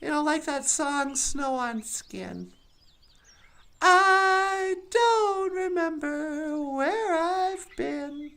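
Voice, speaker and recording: A giggly, rambling cartoon woman, as a performer does her voice, talking in a high, sing-song voice that swoops up and down. She takes her time over her words, musing aloud while birds sing around her. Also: lively intonation, extremely slow, bright, forceful tone, full character voice. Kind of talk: puppet show monologue.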